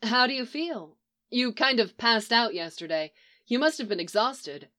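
A woman voicing a warm, caring young wife. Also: a little high, animated. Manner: groggy muttering, then brisk.

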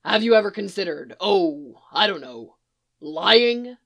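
A woman voicing a brash, foul-mouthed male magical firebird who talks loudly and sarcastically. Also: mid-range voice, expressive, measured pace, creaky. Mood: mocking. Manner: loud, sarcastic, swearing.

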